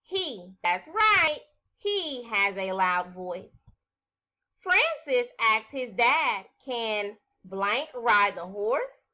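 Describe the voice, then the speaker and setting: A woman teaches a recorded phonics lesson for young children, her voice bright and a little high. She talks slowly and clearly, stretching out sounds as she sounds out words. Her pitch moves around a lot as she encourages the class.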